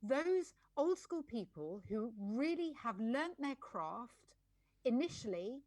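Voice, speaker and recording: Lively blunt woman guest. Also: fairly high pitch, slow pace, no room sound. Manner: blunt, animated ranting with swearing. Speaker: podcast guest, life coach. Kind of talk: candid conversational chat.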